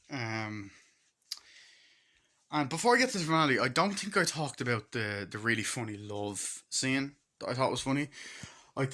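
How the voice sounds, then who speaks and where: Casual swearing young man retelling a film. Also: sharp tone. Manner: swears a lot, acts out film quotes in a higher voice. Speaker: movie reviewer.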